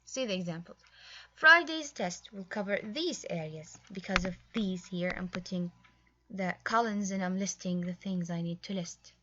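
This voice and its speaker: A woman with a bright, forward voice walks through a grammar lesson, explaining each point patiently with small fillers along the way. The recording is slightly dull and lo-fi. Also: lowish voice, normal speed. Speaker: English teacher.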